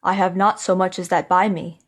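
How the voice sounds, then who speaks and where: A woman's voice: lowish voice, flat delivery, a little fast, lightly acted. A woman voicing a matter-of-fact male goldsmith in a storybook reading. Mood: plain.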